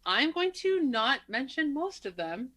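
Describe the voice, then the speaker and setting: A woman's voice: high voice, sing-song, unhurried, fairly bright tone. A woman co-hosting a movie podcast in casual chat, wry and sarcastic, laughing between her remarks. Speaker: podcast co-host.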